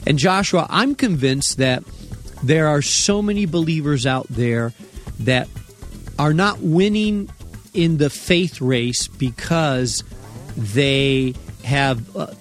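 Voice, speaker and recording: A man, a senior pastor, talking earnestly with a radio host and encouraging listeners. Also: a little high. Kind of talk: radio conversation.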